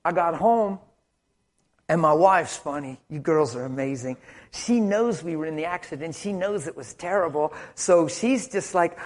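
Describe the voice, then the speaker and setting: A male preacher telling a story in a sermon, dramatic, swinging from hushed near-whispers to excited shouts. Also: fairly high pitch, normal speed.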